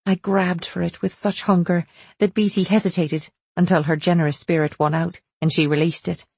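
For an audiobook, a woman reads a first-person story steadily and in a measured way. Her voice sits lowish and sounds dark and husky. The recording is dry and close, with no echo.

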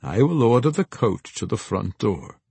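A courteous old steward speaks with formal gentleness, as a male narrator puts him on. His voice is slightly husky and dry, lifting lively over his words. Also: on the low side, moderate pace, no echo, full character voice. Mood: gentle.

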